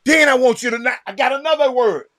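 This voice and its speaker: A man with a Southern American accent hosting a casual livestream, reacting loudly to a game and calling out viewers by name. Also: very high voice, quick pace, no room sound, studio quality. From Texas. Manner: excitable, reacts loudly to a game while chatting; addresses viewers by name, repeats himself. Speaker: livestream host. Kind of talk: casual chat with live viewers.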